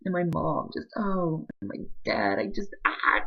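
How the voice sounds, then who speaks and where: A young woman talks to her camera in a low, husky voice, teary and emotional. She rambles and stops and starts, laughing through the tears. The sound is dull and lo-fi, like built-in camera audio. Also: big pitch swings, a little slow, few pauses, bright, forceful tone. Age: young adult. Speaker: vlogger. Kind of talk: emotional vlog confession.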